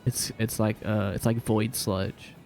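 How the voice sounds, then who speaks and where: A man's voice: fairly low pitch, level tone, measured pace, vocal fry, a little mellow, faint music behind. A man from Australia with an Australian accent, chatting casually on a livestream, laid-back and laughing often as he repeats words aloud. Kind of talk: casual chat reading viewer comments.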